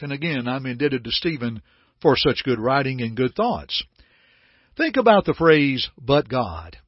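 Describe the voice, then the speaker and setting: A man's voice: on the high side, husky, no room sound. A man preaching an earnest radio sermon, building emphasis through repetition. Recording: dull, lo-fi radio broadcast sound.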